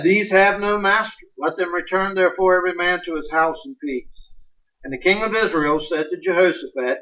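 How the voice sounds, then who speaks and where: A man preaching a sermon, animated and folksy, reading scripture aloud with sudden bursts of emphasis. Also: a little high. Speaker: pastor. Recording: distant, muffled livestream audio.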